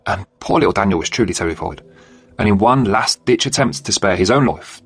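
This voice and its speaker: A man's voice: fairly low pitch, a bit bright, breathy edge. A man narrating a true crime story bluntly, swearing and adding indignant asides.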